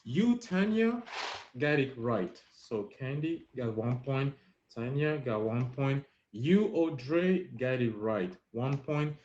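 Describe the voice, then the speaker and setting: A man's voice: medium pitch, expressive, slow pace, darkish tone. A man hosting a playful pronunciation quiz on a live stream, teasing the players as he calls on them. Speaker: host running a live-stream French pronunciation game. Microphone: live-stream app audio. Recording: dull lo-fi stream audio.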